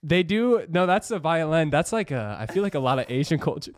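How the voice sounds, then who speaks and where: A man's voice: on the high side, very animated, a little fast, no echo, clean studio sound. A young man in casual podcast chat, laid-back and saying "bro" a lot.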